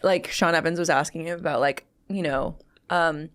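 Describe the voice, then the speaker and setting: A woman's voice: sits low, steady tone, normal speed. Upbeat woman podcast co-host. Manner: upbeat, friendly, laughing. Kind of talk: casual chat.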